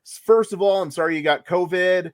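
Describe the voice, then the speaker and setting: A man with a slightly higher voice hosts a casual podcast. He keeps the talk moving with jokes and asides. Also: brisk. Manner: joking, leads the discussion. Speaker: podcast host.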